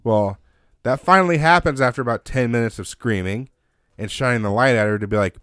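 A man telling a long story in casual chat, animated and swearing constantly. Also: medium pitch, fairly quick, no echo, studio quality.

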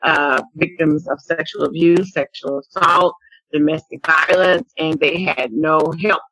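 A woman from Dallas, Texas, shares personal testimony in a podcast interview. Her voice is husky yet bright and tense, and she circles back on phrases as she goes. The sound is close and dry. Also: deep voice, steady tone, no echo, rough recording. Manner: earnest, halting storytelling with repeated phrases. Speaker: podcast guest, survivor advocate.

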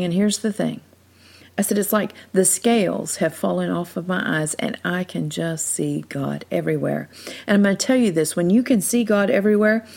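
Middle-aged lady hosting a faith podcast, earnest heartfelt storytelling, then prays. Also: mid-range voice. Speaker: podcast host. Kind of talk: personal testimony and prayer.

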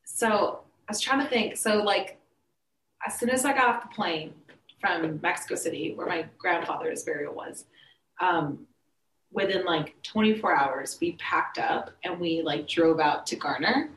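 Brief: woman, mid-pitch, reflective talker, off-mic in a reverberant room with faint background hum. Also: animated, unhurried, fairly bright tone. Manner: reflective, thinking aloud with fillers. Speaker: podcast guest. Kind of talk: casual conversation. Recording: roomy, distant mic, faint ambience.

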